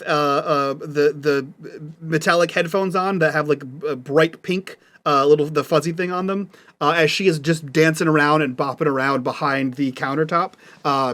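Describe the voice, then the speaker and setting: A man as game master, narrating scenes in a halting way with many ums and uhs. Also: fairly high pitch.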